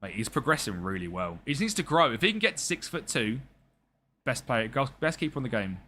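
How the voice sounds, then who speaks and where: Young male streamer, bright forward tone, banters with chat while managing a team live. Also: medium pitch, big pitch swings, fairly quick, a little hiss or hum. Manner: chatty and jokey, talks to chat and game players. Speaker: game streamer. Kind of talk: live-stream game commentary chatting with viewers.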